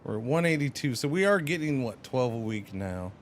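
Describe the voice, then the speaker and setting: A man's voice: medium pitch, expressive, fairly quick, slight background noise. A man streaming a game, chatting casually and rambling with playful exclamations. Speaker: livestreamer. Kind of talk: casual gaming commentary.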